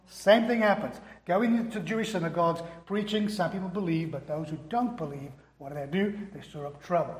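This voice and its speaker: A man preaching a sermon as pastor, emphatic and asking the congregation questions. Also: a little high. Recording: echoey hall, long reverb.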